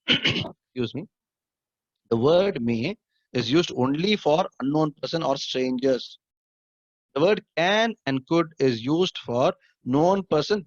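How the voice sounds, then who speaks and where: A man's voice: a little high, no echo, muffled recording. A man lecturing as an assistant professor, explaining step by step, repeating points and checking if students follow. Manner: repetitive, explanatory, checks understanding with "okay?". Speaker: assistant professor teaching English. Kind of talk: classroom lecture.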